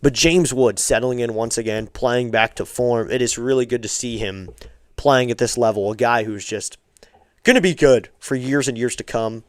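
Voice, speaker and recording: A man hosting a live baseball stream, calling the action with a smooth, resonant voice. He stays calm between pitches, climbs on every hit, and chats with viewers by name. The sound is close and dry, with no room around it. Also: normal speed, dry recording. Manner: chatty asides thanking viewers by name. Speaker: fan play-by-play host of a live stream. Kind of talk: amateur baseball play-by-play with viewer chat.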